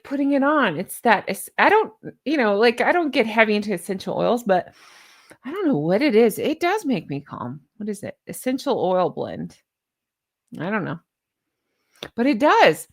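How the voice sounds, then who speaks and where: A woman's voice: mid-range voice, vocal fry. A woman vlogger with a slight Southern American accent, rambling chattily and teasing herself with giggles. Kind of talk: casual chat to camera.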